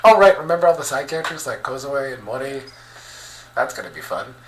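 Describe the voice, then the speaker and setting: A man hosting a let's play, reading a visual novel aloud and reacting with excitable, animated commentary. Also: mid-range voice, fairly quick, echoey room, poor audio.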